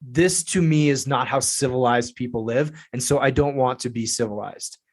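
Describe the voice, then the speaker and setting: A man telling a story as a podcast guest, lively and profane. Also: medium pitch, moderate pace. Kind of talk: casual storytelling.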